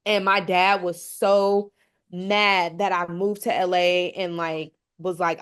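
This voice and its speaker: A woman's voice: medium pitch, fairly even intonation, measured pace. A woman who runs her own business, speaking at a panel conversation with heartfelt candor. She fills her talk with "like.". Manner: heartfelt, sprinkled with "like". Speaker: mother.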